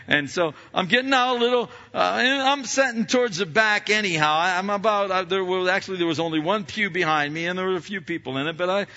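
Halting, bright-voiced man preaching. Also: sits high, muffled recording. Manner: halting, repeats words, animated storyteller. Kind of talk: sermon storytelling.

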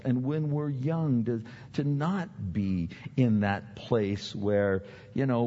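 A man's voice: medium pitch, mellow, breathy edge. An older man preaching a sermon as pastor, chatty and self-deprecating, often repeating his words. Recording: dull sound with long hall reverb.

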